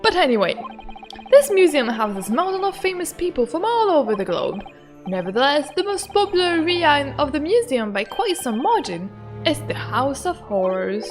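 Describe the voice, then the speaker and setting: A woman voicing a sultry French woman who runs a waxwork museum, speaking in a low, breathy, seductive French accent. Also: big pitch swings, normal speed, soft background music.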